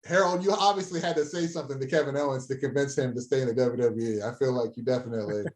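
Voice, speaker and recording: A man's voice: medium pitch, fast talker, darkish tone. A man co-hosting a casual podcast, asking teasing questions between laughs. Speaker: podcast co-host. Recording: echoey room sound.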